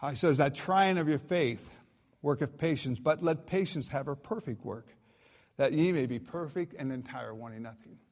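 A guest preacher with a fairly high, a little mellow voice speaks at a moderate pace in a church auditorium with a long reverb tail. He reads scripture and shares homespun stories in a conversational, folksy manner.

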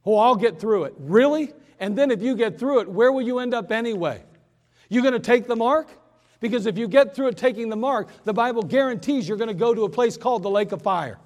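A man preaching an impassioned sermon in a church, swinging between loud urgent pleas and quiet hushed moments. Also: very high voice, brisk, long reverb tail. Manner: impassioned preaching, rising and falling in force. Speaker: pastor.

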